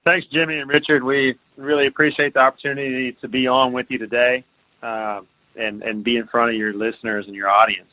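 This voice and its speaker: Bright, businesslike man as a guest. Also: mid-range voice, little pitch movement, no echo, low-quality recording. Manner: polite, measured, businesslike. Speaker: podcast guest, business founder. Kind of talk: interview answers.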